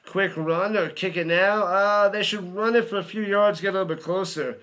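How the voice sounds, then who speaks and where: A man's voice: high voice, normal speed, hardly any pauses, a bit bright. A man giving live play-by-play commentary, chatty, humming and joking between plays and rising on big ones.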